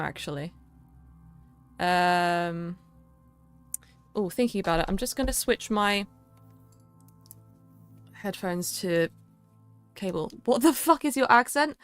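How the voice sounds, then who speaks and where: A young woman with a southern English accent from the London area chats casually on a livestream, rambling and using plenty of fillers. Her voice is medium in pitch, with a fairly bright, clean tone.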